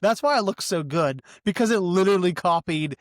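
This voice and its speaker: Animated middle-aged man, slightly high voice. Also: a little fast, no room sound, studio quality. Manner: animated, enthusiastic, restarts often. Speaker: podcast co-host. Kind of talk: casual tech chat.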